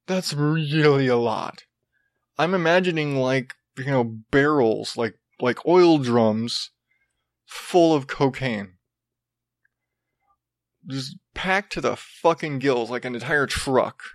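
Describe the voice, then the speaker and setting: A young man talking alone into a podcast mic, loose and profane, tripping over restarts as he rambles. His voice sits at an ordinary middle pitch. The sound is dry and close, with no room around it. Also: no room sound. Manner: rambling, profane, self-interrupting with frequent restarts. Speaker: podcast host. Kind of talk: casual solo podcast monologue.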